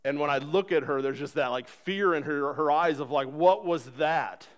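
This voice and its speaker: A man's voice: a little high, fairly quick, smooth. A man in his thirties preaching a sermon, earnest and conversational, acting out voices in the stories he tells. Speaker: pastor.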